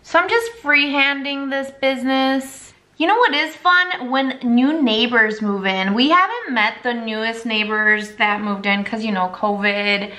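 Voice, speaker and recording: A woman's voice: on the high side, a little slow, hardly any pauses, bright, forceful tone. A young woman chatting casually at home through a makeup tutorial, rambling and now and then baby-talking to her dog. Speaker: makeup vlogger.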